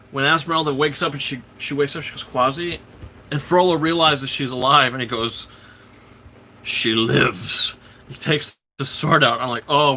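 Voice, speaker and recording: A man hosting a livestream eagerly rambles through a casual film recap, full of fillers and restarts, quoting characters in passing. His voice is sharp and bright, slightly high-pitched, with slight background noise behind it.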